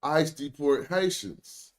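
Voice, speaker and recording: A man's voice: fairly high pitch, slow pace. A young American man with an African American accent, streaming casual, joking commentary in loose slang. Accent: African American English. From United States. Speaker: streamer host.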